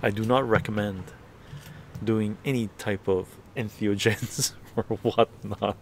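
Gravelly man telling a wild story. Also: lowish voice, slow pace, a little hiss or hum. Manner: profane, laughing, animated storytelling. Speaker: livestream host. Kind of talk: casual anecdote telling.

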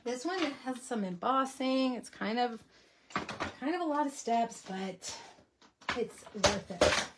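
A chatty woman with a slightly high voice hosts a casual craft tutorial livestream. She talks viewers through each step and banters with them as she works. A slight cough lingers in her voice. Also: slow, background noise. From Texas. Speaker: host.

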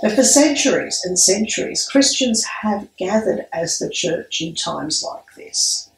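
Slow-speaking woman preaching. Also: medium pitch, expressive, vocal fry. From Australia. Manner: measured, storytelling delivery. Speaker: priest. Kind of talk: sermon. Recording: echoey room, mic at a distance.

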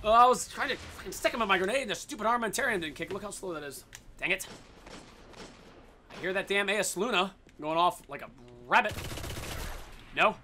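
A man giving excited, casual commentary on his own gameplay, swearing and yelling at the game. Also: high-pitched, fairly quick, long pauses, a little hiss or hum. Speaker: gaming video host.

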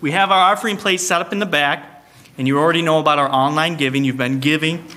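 A man hosting a church service as song leader, making announcements in a playful, teasing way with quick joking asides. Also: a little high, fairly even intonation, sharp tone. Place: church sanctuary, streamed online.

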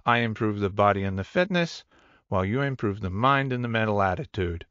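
A man's voice: lowish voice, animated, a little fast, fairly bright tone, no echo. A man voicing an eager, chatty young male gym trainer who rambles enthusiastically, in a dull, dry audiobook recording. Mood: enthusiastic.

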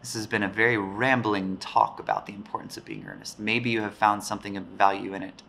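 A man with a fairly low, bright, forward voice talks about a play he teaches. His delivery is loose, rambling and thoughtful, with frequent pauses, and there is a faint hum of ambient noise behind him. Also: little pitch movement, vocal fry.

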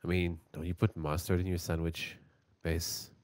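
A man's voice: sits low, level tone, moderate pace. A man chatting casually during a game, rambling and joking, often trailing off mid-thought. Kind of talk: casual gaming chat.

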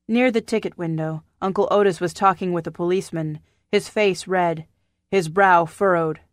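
A woman narrating a historical novel audiobook in a measured, even storytelling manner. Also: lowish voice, no room sound, clean studio sound. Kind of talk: scripted narration. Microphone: studio microphone.

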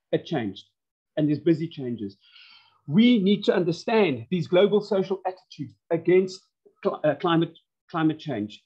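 A man teaching an online course from home, talking in an animated, emphatic way and often repeating himself. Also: on the high side, husky, muffled recording. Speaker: course instructor. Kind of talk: online lecture. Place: home lounge.

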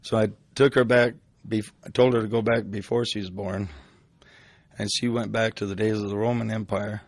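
A man's voice: lowish voice, little pitch movement, moderate pace, no echo. An older man telling a personal story in a casual, rambling way, full of restarts.

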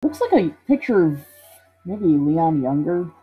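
Playful woman streamer, husky voice. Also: low voice, very animated, unhurried. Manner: playful, reads game text aloud and jokes. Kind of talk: casual let's-play commentary. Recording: dull lo-fi stream audio with game music.

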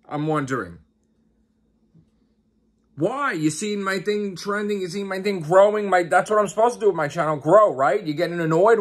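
Man, vlog rant, exasperated, profane, repeats questions, high pitch, lively swings. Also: breathy edge. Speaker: YouTuber and podcast host. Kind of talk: angry ranting vlog.

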